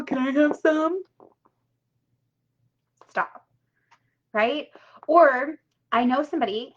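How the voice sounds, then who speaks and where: Woman, money coach on a live stream; slightly high, talkative, punchy and emphatic, swears casually; muffled lo-fi stream sound. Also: a bit bright. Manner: chatty and emphatic, with frequent "right?" and casual swearing. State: tearful at times. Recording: dull lo-fi live-stream audio.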